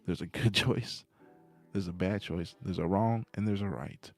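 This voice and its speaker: A man's voice: sits low, normal speed, a little mellow, faint music behind. A man hosting a late-night livestream, telling a story to his viewers in a meandering way and getting worked up about right and wrong. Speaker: livestream host. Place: home at night.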